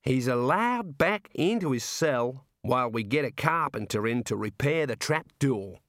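A man voicing a cheerful, chatty prison warder, talking in a folksy, drawn-out way. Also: medium pitch, animated, fairly bright tone, dry recording, studio quality. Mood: confiding. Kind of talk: audiobook character voice.

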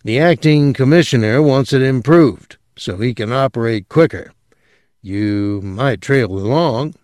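A man voicing a nervous, gruff police technician with a thin, strangled voice who speaks haltingly. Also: medium pitch, a little mellow, no room sound, clean studio sound, close to an everyday voice. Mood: nervous, hesitant. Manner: hesitant, halting.

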